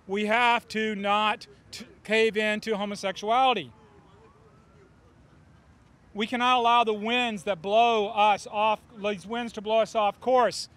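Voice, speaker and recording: A man's voice: sits high, a bit bright. A middle-aged man and scout volunteer giving an earnest, emphatic speech at an outdoor press conference.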